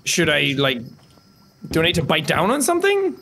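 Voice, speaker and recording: Cheeky, animated man teasing friends in a game. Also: a little high, moderate pace, vocal fry, a little hiss or hum. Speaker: co-op game player. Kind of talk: casual gaming chat.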